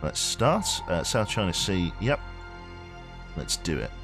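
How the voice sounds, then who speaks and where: A deep-voiced man chatting loosely through a game stream, his pitch bouncing up and down in a lively way. He rambles, reads on-screen text aloud and swears offhand, with faint game music behind him. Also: takes it slowly. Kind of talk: casual live game commentary.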